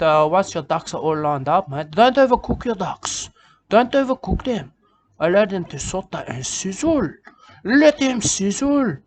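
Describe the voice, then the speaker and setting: Comic bushman poet, self-important and repetitive, raised pitch, put on by a man. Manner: rambling, repetitive, ends lines with "okay?" and "mate". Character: rambling self-important male Australian bush poet. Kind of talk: comic character monologue.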